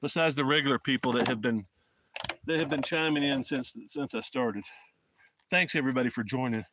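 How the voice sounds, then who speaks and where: A folksy man with an Alabama drawl talks loosely to his viewers on a live stream. He is outdoors in the mountains, speaking into a phone. His voice sits at a middle pitch, and a faint hiss of noise runs underneath. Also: normal speed. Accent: Southern US, Alabama. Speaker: motorcycle travel vlogger. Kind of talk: casual live-stream chat.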